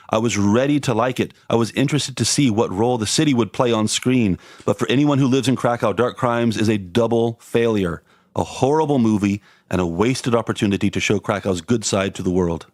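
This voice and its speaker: A man co-hosting a podcast, reading a sardonic film review and then chatting with dry, deadpan humor. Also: mid-range voice, moderate pace, no room sound. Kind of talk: scripted review read aloud, then casual chat.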